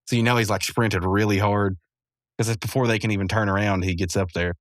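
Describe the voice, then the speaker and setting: A man's voice: lowish voice, steady tone, a little fast, no room sound. A man casually recapping a cartoon episode into a close podcast mic, rambling, chuckling often and correcting himself as he goes. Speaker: podcast host.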